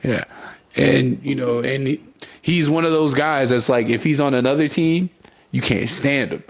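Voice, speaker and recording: A man's voice: mid-range voice, normal speed, creaky. A young man co-hosting a podcast, telling stories in a loose casual chat, laughing often and swearing freely. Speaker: podcast co-host.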